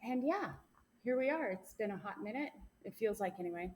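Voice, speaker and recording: A woman hosting a casual podcast from a small home recording room. She reads out the case notes and banters in a playful, teasing way. Her voice sits at a middling pitch. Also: animated, brisk, a little mellow. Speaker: podcast co-host presenting the case.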